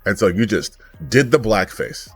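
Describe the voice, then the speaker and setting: A man's voice: on the low side, normal speed, soft background music. A man giving a heated, profane commentary rant, angry and sarcastic. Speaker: gaming commentary YouTuber.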